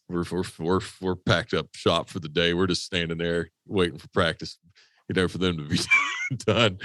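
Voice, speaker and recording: A man's voice: deep voice, sharp tone, dry recording. A man co-hosting a podcast, telling a rambling, profane story with lots of restarts. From West Virginia. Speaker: podcast co-host. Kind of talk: casual storytelling. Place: podcast studio.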